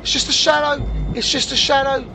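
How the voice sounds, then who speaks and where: A man's voice: very high voice, level tone, a little fast, sharp tone, a little hiss or hum, low-quality recording. A man hosting a horror game playthrough, rambling nervously to viewers and panicking at scares. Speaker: gaming video host. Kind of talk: horror game let's play commentary. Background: game music.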